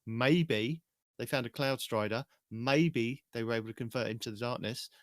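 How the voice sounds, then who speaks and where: A man speaking at a middle pitch on a gaming podcast. He muses through speculative theories, and the room is dry and close. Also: normal speed, no echo. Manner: speculative, musing. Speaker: podcast co-host. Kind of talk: casual chat.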